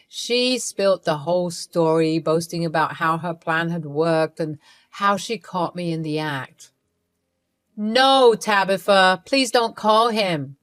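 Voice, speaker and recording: A woman's voice: fairly low pitch, no room sound, clean studio sound. Amused woman narrating a storytime. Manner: amused, conspiratorial.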